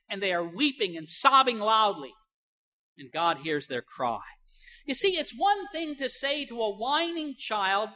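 Bright-voiced older woman preaching. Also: mid-range voice. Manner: emphatic, slows right down on key phrases; swings between soft asides and loud stresses. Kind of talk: sermon.

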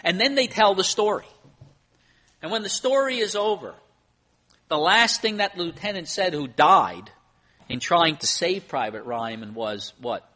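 A man's voice: high voice, big pitch swings, moderate pace, pushed and bright. A man preaching a sermon as pastor, earnest, with emphasis that rises and falls. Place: church.

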